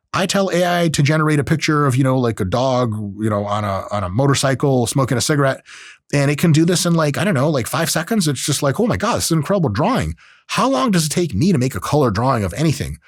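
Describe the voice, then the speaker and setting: A man's voice: mid-range voice, no echo, clean studio sound. A man hosting a podcast, talking casually about technology and acting out quoted voices with profane asides. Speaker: podcast host.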